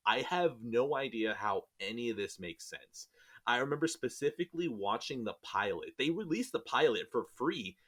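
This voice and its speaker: A man's voice: mid-range voice, expressive, normal speed, fairly bright tone. A man hosting a podcast in casual chat, rambling and joking as he sometimes loses his train of thought. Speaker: podcast host.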